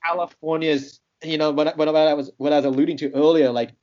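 A man from Texas, a podcast guest, talking in casual chat with an animated, ranting delivery in quick bursts. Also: fairly high pitch, highs cut off. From Texas, United States.

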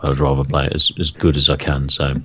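A man's voice: extremely low pitch, monotone, fairly bright tone, breathy edge. A man co-hosting a casual gaming podcast, rambling and restarting his sentences. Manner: rambling, halting, many restarts. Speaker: podcast co-host.

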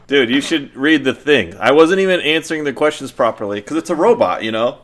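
A man co-hosting a podcast in casual chat, an animated storyteller who swears freely. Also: mid-range voice, a little fast. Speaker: podcast co-host.

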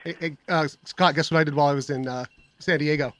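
A man co-hosting a radio show, goofy and excitable in casual talk. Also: a little high, fast. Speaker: co-host.

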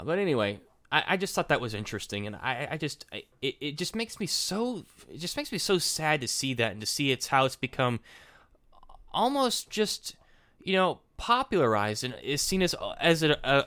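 A man co-hosting a podcast, talking in casual animated opinion chat and often restarting his words. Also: fairly high pitch, moderate pace. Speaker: podcast co-host.

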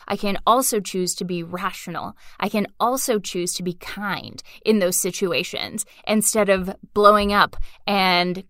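A young woman co-hosting a podcast speaks in an earnest, reflective way, filling her pauses with soft "um"s. Her voice sits in a middle pitch. The recording is dry and close, with no room sound. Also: dry recording. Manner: earnest, reflective storytelling with frequent "um". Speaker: podcast co-host. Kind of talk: conversational podcast talk.

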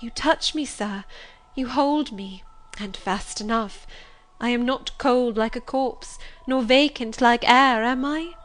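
A woman playing a gentle, devoted young woman. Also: a little high, slow, pitched above the performer's own voice. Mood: tender. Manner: soft, tender, reassuring.

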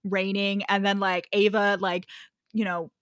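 A woman's voice: medium pitch, flat delivery, a little slow, fairly bright tone, no echo. A woman co-hosts a casual chat, recapping a book and mocking its characters, laughing often as she goes. Her voice sits mid-range, and the recording is dry and close, with no room sound. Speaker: podcast co-host.

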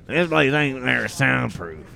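Gravelly man in a comedic role-play. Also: mid-range voice, big pitch swings, unhurried, bright, forceful tone.

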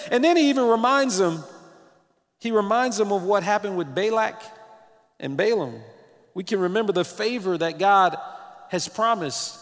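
A man preaching a sermon as pastor, animated, sometimes breaking into snatches of song, with his morning voice. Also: sits high, moderate pace, big-room sound.

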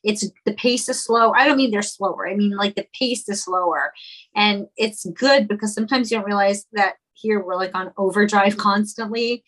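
A woman's voice: mid-range voice, fairly bright tone. Chatty woman guest from Quebec. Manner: chatty, talks things through, does quick impressions of callers. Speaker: podcast guest. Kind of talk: casual conversational interview.

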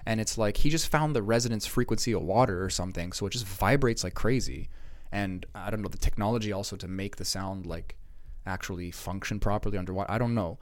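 A man's voice: on the low side, fast, hardly any pauses, no echo, clean studio sound. A young man in casual podcast chat, rambling with restarts and casual swearing.

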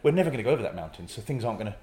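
A man's voice: lowish voice, sing-song, racing, warm tone. A man who performs improv comedy, chatting in an interview and acting out little scenes as he explains. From North East England. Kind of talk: casual interview chat. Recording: echoey room.

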